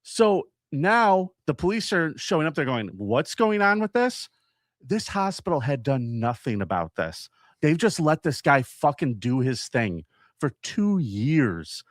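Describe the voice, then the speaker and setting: A man's voice: unhurried, no room sound, clean studio sound. A man co-hosting a podcast, telling a true-crime story in casual banter and acting out quotes. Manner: animated, acts out quotes with big jumps in pitch. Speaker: podcast co-host.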